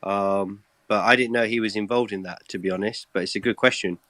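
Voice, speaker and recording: A man's voice: on the low side, fairly even intonation, a little fast, a bit bright, no room sound. A man hosting a casual live chat, hyped and bantering as he passes the floor to guests. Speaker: host.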